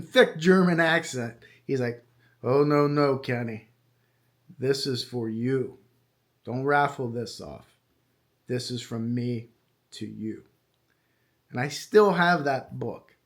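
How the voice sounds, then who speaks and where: Opinionated middle-aged man, slightly high voice. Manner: conversational, opinionated, with frequent fillers. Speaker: true crime podcast host and retired detective. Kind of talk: casual monologue.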